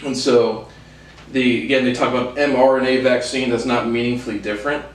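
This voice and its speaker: An angry man rants to his audience, swearing constantly and insulting his targets, often restarting his phrases. His voice sits at an ordinary middle pitch. It sounds roomy, picked up by a mic some way off. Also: steady tone, a little fast, far from the mic. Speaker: video host. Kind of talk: ranting monologue to camera.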